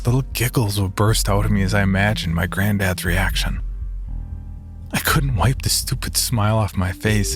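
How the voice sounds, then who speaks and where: A man narrating a first-person horror story in a measured, scripted way. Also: on the low side.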